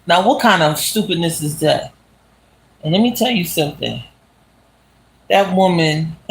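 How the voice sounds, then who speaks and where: An animated vlogger walks through the city and retells a movie plot in loose, slangy street talk. The voice swings up and down often and breaks into laughter. It leans on the listener with repeated asides. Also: mid-range voice. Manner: animated, slangy, laughs as it talks, asks "you understand?". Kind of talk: casual storytelling while walking.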